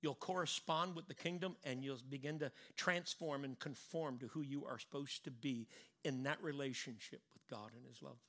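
A middle-aged man preaching a sermon in an animated way, stressing and repeating his points. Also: mid-range voice, moderate pace.

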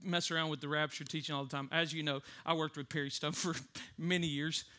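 A man preaching a sermon with comic stories, animated, laughing often and acting out voices. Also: fairly high pitch, fast talker.

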